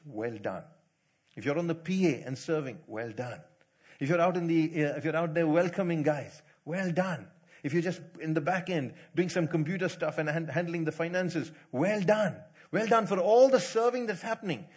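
A middle-aged male pastor preaches in a somewhat raised, husky voice. He retells a Bible story in a storytelling way, stacking repeated phrases and briefly acting out the characters' lines. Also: fairly high pitch. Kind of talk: sermon.

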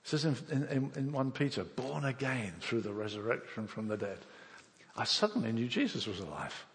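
Gravelly older English preacher in a hall. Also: male voice, mid-range voice, very animated, normal speed, a bit bright. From England. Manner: storytelling, acts out voices and inner thoughts. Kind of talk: sermon with personal testimony.

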